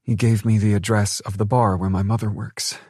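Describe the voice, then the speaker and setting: A harsh, haunted young woman, put on by a male audiobook narrator, pushes her words out tight and urgent. The voice is raised well above his own yet stays husky. The recording is close and dry. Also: fairly low pitch, level tone, normal speed, darkish tone, dry recording, voice pushed up. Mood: strained.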